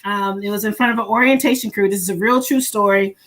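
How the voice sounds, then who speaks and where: A woman guest speaker and educator, telling stories in a casual chat, animated and quick to laugh at herself. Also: mid-range voice. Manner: animated, laughing, self-deprecating.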